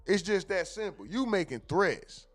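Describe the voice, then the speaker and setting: A man's voice: high voice, lively intonation, unhurried, soft background music. A man hosting a show, casually commenting on viral clips, often laughing and mimicking what he hears. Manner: laughing, joking, mimics clip lines. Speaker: show host reacting to clips.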